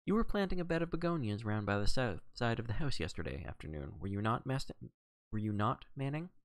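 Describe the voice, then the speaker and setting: A man reading aloud and voicing a brisk, precise middle-aged male detective questioning a witness. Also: medium pitch, big pitch swings, dry recording, natural voice. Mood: probing. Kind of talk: audiobook character reading.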